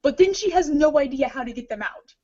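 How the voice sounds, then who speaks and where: A woman's voice: sits high, expressive, fairly quick, mellow. A woman co-hosting a podcast, talking casually and rambling with many fillers. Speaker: podcast co-host. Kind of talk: casual discussion. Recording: dull lo-fi audio.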